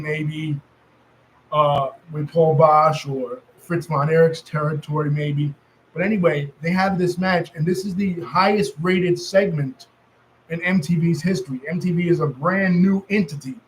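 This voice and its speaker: A man's voice: fairly high pitch, slight background noise, poor audio. A man with a New York accent telling wrestling history in a loose, rambling monologue, full of fillers and self-corrections. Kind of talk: casual storytelling monologue.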